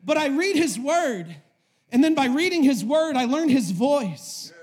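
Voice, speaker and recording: A man preaching a sermon to a live audience, impassioned, swinging between shouting and hushed tones, with many rhetorical questions. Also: very high voice, very animated, a little slow.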